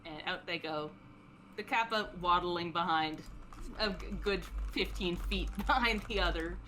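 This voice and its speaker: A woman game master narrating a tabletop game in a relaxed, giggly way with lots of fillers. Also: on the low side, measured pace, slight background noise.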